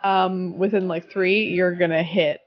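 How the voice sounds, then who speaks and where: A woman's voice: lowish voice, little pitch movement, a little slow, muffled recording. A woman running a tabletop game as game master, narrating scenes vividly.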